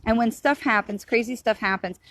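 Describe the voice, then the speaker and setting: A woman's voice: on the high side, a little fast, fairly bright tone. Earnest middle-aged woman psychic, rambling. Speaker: psychic medium. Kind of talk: casual spiritual talk to camera.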